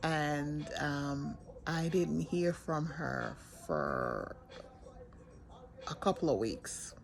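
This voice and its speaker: An older woman telling a personal story in an earnest, halting way, often restarting her sentences. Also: low voice, expressive, creaky.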